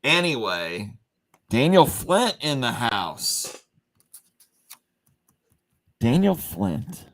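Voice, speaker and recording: A man hosting a company livestream, telling a rambling story full of fillers and restarts and acting out the quotes. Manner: acts out quoted lines with big pitch jumps. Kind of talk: casual storytelling chat.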